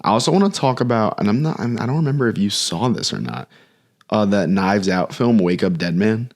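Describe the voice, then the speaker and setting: A man's voice: lowish voice, lively intonation, fairly quick. A man co-hosting a movie podcast, talking in a thoughtful, earnest way in full sentences. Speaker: podcast co-host. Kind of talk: casual chat about movies.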